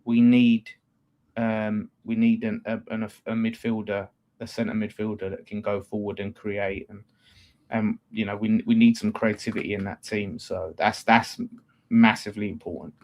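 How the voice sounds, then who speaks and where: A man's voice: lowish voice, flat delivery, normal speed, a little mellow. A man co-hosting a football fan show, talking casually and bluntly, with plenty of swearing and restarts. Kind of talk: casual chat.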